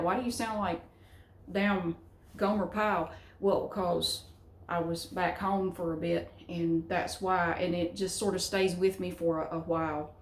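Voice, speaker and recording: A middle-aged woman with a Southern US accent talks casually to her vlog audience at home, in a voice of middling pitch. She rambles, speaks frankly and swears without a second thought. The room gives her voice a noticeably roomy echo. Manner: rambling, frank, salty language. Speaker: vlogger. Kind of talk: casual chat to camera.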